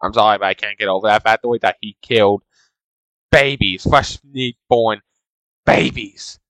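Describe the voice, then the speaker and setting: Guy streaming and ranting to chat, kinda low voice, super dry mic, fed up and rambling. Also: normal speed, fairly bright tone, no echo, rough recording. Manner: exasperated, rambling complaints. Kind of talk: casual ranting monologue.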